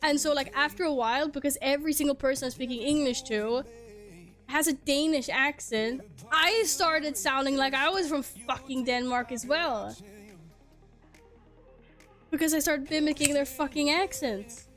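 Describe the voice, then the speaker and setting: A woman's voice: high voice, normal speed, a bit bright, faint music behind. A woman from Sweden, chatting casually on stream through a headset, swearing and laughing often. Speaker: game streamer.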